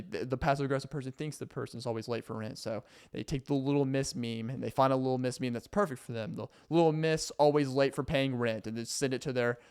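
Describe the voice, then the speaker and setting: A man's voice: mid-range voice, a little mellow, clean tone. A young man vlogging a rambling comedic monologue, full of fillers and restarts. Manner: rambling, filler-heavy, self-interrupting.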